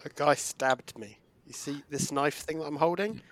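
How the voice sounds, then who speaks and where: A man's voice: a little high, normal speed, fairly bright tone. A man playing a tabletop game, talking in a sarcastic, joking way. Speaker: player.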